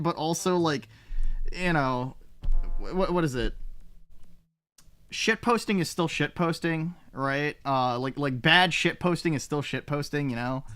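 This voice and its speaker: A man's voice: fairly high pitch, a bit bright. A young man streaming live, chatting casually with his chat in a rambling, profane way.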